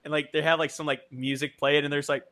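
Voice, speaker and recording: A man's voice: fairly high pitch, flat delivery, fast talker, pushed and bright. A young man chatting casually, telling an idea as a story and acting out scenes with sound effects. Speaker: co-host. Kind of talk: casual brainstorming chat.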